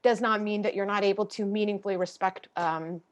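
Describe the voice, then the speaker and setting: A woman's voice: mid-range voice, fairly even intonation, fairly quick. A woman speaking as a guest on a panel discussion, candid and passionate, swearing casually as she talks. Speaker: panel guest, theater artist.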